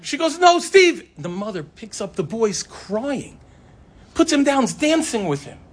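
A man's voice: sits high, big pitch swings, a little slow, breathy edge, voice pushed up, full character voice. A man voicing a frantic, overjoyed mother calling urgently to her husband. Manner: breathless urgent repeating.

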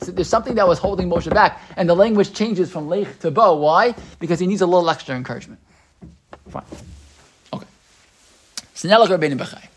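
A man's voice: on the high side, a bit bright. A man leading a text study class, aloud and explaining them, thinking aloud with frequent restarts and "right?" checks to the group. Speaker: Torah teacher.

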